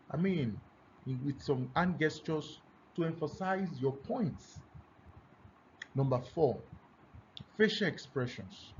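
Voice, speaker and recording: A man teaching a lesson on speaking skills, deliberately swinging between loud and soft for emphasis. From Nigeria. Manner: deliberately varies pitch and loudness, emphatic. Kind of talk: classroom lesson on public speaking. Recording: dull lo-fi recording with faint noise.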